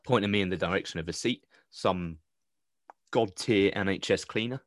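A young British man with a fairly low voice, chatting on a podcast. He tells stories for laughs and slips into put-on voices for quotes. The recording is dry and close. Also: moderate pace, no echo. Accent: British English. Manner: jokey storytelling, puts on voices for quotes. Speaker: podcast co-host. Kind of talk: casual chat.

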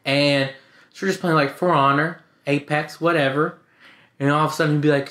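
Bright-voiced young man, casual chat. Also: fairly high pitch, fairly even intonation, brisk. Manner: loose, slangy, mimics people in raised voice. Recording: echoey room.

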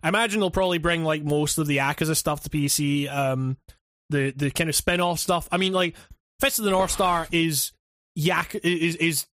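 A man's voice: a little high, steady tone, normal speed, a bit bright, no echo. Rambling man on a gaming podcast. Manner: rambling, hesitant, swears freely. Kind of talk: casual gaming chat.

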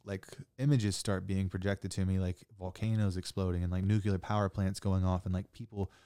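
A young man telling a wild story in casual chat, saying "like" a lot and swearing freely, getting animated. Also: deep voice, brisk, smooth, no room sound, clean studio sound. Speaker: podcast guest.

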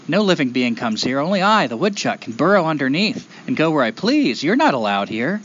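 A man's voice: fairly high pitch, sing-song, a little fast, fairly bright tone, dull audio. A man voicing a plain-spoken helper woodchuck. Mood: matter-of-fact. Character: helpful woodchuck living in a burrow, matter-of-fact.

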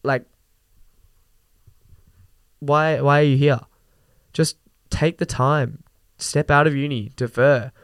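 A man's voice: mid-range voice, slow pace, pauses often, clear, resonant tone, no echo. A young man hosting a podcast, ranting casually, with lots of fillers and some swearing. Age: young adult. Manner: animated, swears, frequent fillers and laughs. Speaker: podcast host. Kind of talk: casual rant.

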